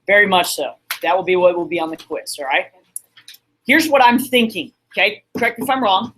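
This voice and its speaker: This man has a high voice and a fairly bright tone, talking fairly quickly. In a classroom lesson streamed online, he teaches math and quizzes his students with upbeat encouragement.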